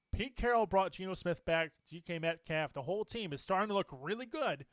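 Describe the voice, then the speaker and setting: A man co-hosting a casual sports talk show, animated and opinionated, laughing often as he makes his picks. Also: sits high, a little fast, hardly any pauses, dry recording. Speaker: co-host.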